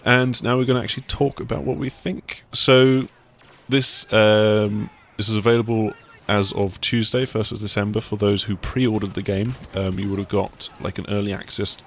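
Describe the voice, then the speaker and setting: A man's voice: lowish voice, level tone, normal speed, few pauses. A man hosting a casual video game chat, talking in a rambling, enthusiastic way. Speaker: gaming site host.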